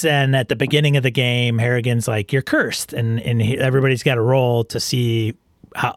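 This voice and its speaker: A man hosting a podcast in easygoing casual chat, his mid-pitched voice wandering through restarts and asides. The recording is dry and close to the mic. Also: no echo. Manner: rambling, relaxed, restarts often. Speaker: podcast host.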